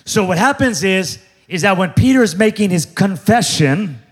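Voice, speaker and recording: A man with a high voice preaches a lively sermon from a church stage. He jokes, shifts into little acted voices of other people, and keeps his congregation involved. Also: moderate pace, breathy edge. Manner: animated, jokey, acts out voices of others. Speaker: pastor. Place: large church before a congregation.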